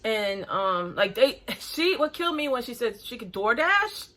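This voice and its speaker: A woman's voice: on the high side, big pitch swings, a little slow, bright, forceful tone. A woman in her forties hosting a reaction video, talking bluntly and critically in casual chat while breathing hard. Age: 40s.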